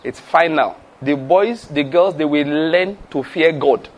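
A man preaches with a voice pitched somewhat above most men's. He drives his points home through rhetorical questions and call-and-response, and he laughs freely along the way. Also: unhurried. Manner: breaks into laughter while preaching. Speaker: pastor. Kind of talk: sermon.

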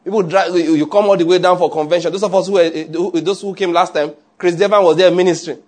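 A man's voice: high-pitched, steady tone, fast talker, darkish tone. A man preaching a conversational sermon, often checking that listeners follow.

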